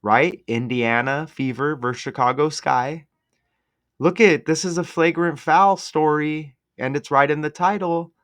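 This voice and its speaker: Man, casual video commentary, sarcastic, smooth clear voice, unhurried delivery. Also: fairly high pitch, a bit bright. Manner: sarcastic, conspiratorial number-cipher talk. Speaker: sports commentary video host. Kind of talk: casual commentary over game footage.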